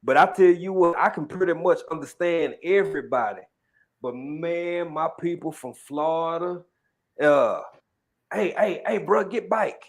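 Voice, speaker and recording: Laid-back joking man, slightly high voice. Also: measured pace. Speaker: show host. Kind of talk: casual chat.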